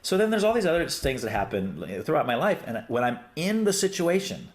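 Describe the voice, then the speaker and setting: A man's voice: fairly high pitch, sing-song, a little fast. A middle-aged man hosting a podcast, chatting casually with lots of fillers and restarts, acting out what people said. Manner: rambling, many fillers and restarts, acts out quotes. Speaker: podcast host. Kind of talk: casual conversation.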